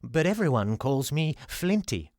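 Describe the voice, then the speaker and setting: A man's voice: a little high, very animated, a little slow, a little mellow, no echo, clean studio sound. A man voicing a short, bald, friendly little inventor who talks politely and hesitantly. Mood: eager.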